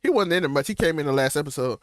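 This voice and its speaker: A man's voice: a little high, lively intonation, very fast, no echo, studio quality. A young man, co-hosting a casual TV recap chat, talking loosely with slang and restarts. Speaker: co-host of a TV recap show.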